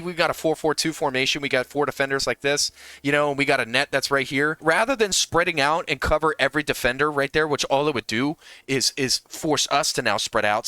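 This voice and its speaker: A man's voice: mid-range voice, pushed and bright, no echo. Heated, profane young male game coach. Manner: heated, profane, repeats and restarts often. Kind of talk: casual gameplay breakdown.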